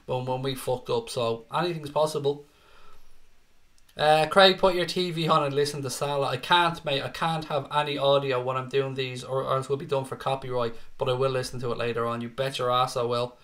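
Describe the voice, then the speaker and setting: A man with a fairly high voice runs a live football reaction stream. He reads fan messages aloud and fires back brash, foul-mouthed banter, casual and quick to joke. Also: fairly bright tone. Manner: brash bantering, swears freely; reads out chat messages and answers them. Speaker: livestream host reading fan comments. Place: home setup with no other audio.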